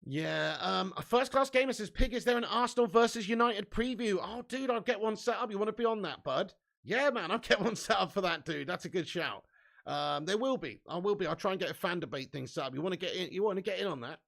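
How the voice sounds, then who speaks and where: A man's voice: high-pitched, expressive, fairly quick, creaky, fairly bright tone. A man hosting a casual fan live stream, chatty and laughing often, swearing freely and reading viewer comments aloud.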